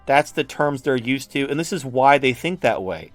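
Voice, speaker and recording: A man's voice: mid-range voice, animated, normal speed, no echo. A man from the United States talks through a chart in a loose, blunt way, swearing freely as he explains. His voice sits in an ordinary middle range. The sound is dry and close, with faint music underneath. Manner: blunt, profane, conversational. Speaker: political commentator. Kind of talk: casual explanatory talk over a shared chart.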